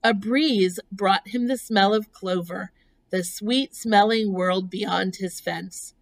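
A woman reading a children's novel aloud, telling the story in a slow, measured way. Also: medium pitch, rough recording. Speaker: narrator.

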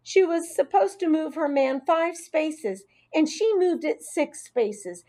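A woman voicing an upset young schoolgirl who shouts accusations through tears, in a storybook reading. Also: expressive, slow pace. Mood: accusing, tearful. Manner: shouting, high and shrill.

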